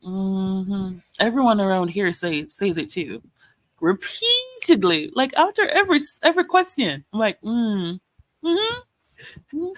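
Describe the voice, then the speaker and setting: A chatty woman co-hosting a casual livestream, recorded dry and close with no room sound. Her pitch moves lively as she talks, and she laughs easily. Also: moderate pace, dry recording. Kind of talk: casual live-stream chat.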